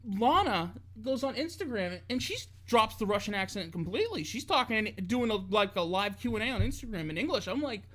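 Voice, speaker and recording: Lively laughing podcast man. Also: sits high, a little fast, few pauses. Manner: lively, laughing, animated storytelling. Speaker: wrestling podcast co-host. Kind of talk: casual podcast chat.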